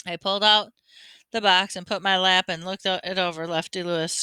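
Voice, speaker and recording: A woman reads a children's novel aloud in a lively storytelling manner. Her voice is bright and smooth, with a dry, close sound and no room around it. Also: on the low side, a little fast, no room sound. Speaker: audiobook reader.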